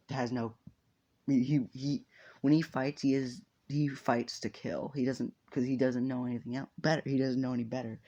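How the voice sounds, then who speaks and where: Brief: laid-back guy narrating a fan story, mellow voice, loose and profane. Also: mid-range voice. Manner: rambling, laughing, swearing often. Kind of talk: casual fan story retelling.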